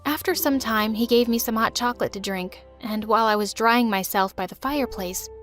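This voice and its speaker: A woman's voice: on the high side, fairly quick, fairly bright tone, faint music behind. A woman narrating a first-person drama story in a dramatic, emotional way.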